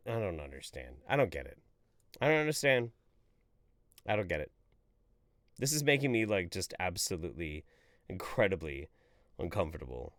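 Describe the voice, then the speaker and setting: A man hosting a livestream, reading out viewer chats and ranting about them with profanity and exasperation. He swings between loud outbursts and mumbled asides. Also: sits low, big pitch swings, measured pace, pauses often, no echo. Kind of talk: livestream commentary.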